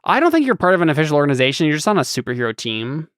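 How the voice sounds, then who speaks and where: A man's voice: on the high side, sing-song, racing, a bit bright, clear, resonant tone, no room sound. A young man running a tabletop game as game master, hesitant and full of ums and restarts.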